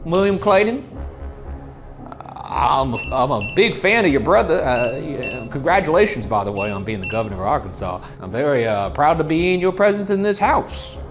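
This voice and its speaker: A man plays a bumbling settler with a mock-formal politeness. His pitch leaps up and down as he stumbles through fillers. Faint music sits underneath. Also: very animated, moderate pace. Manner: hesitant, rambling with fillers. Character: man posing as a settler, awkward and fawning.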